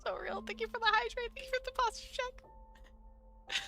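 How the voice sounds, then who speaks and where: A young woman streamer reacting live to a dating game, animated and indignant, laughing often. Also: very high voice, moderate pace, vocal fry, soft background music.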